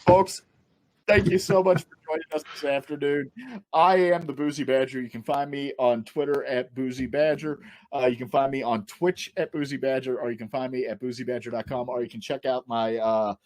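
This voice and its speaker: A man's voice: medium pitch, fairly even intonation, fairly quick, a little mellow. A man hosting a comedy panel over a video call, telling a rambling story with lots of fillers and giggles.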